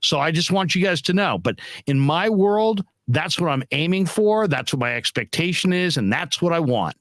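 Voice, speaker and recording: Blunt, animated male sports talk host. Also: moderate pace, no echo. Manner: animated and blunt, with emphatic pitch jumps. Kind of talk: casual post-game chat, reading viewer comments.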